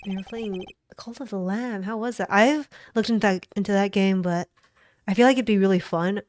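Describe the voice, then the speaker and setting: A woman's voice: medium pitch, moderate pace, darkish tone, no room sound, clean studio sound. A woman streamer chatting casually with her viewers, talkative and often giggling. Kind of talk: casual livestream chat.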